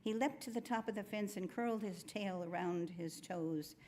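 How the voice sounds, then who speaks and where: A woman reading a children's story aloud at a worship service in a gentle, unhurried way. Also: medium pitch, slight background noise.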